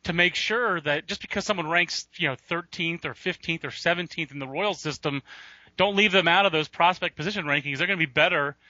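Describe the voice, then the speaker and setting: Bright-voiced rambling man. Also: a little high, brisk, no room sound. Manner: rambling, with many fillers. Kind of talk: casual podcast chat. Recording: dull lo-fi audio.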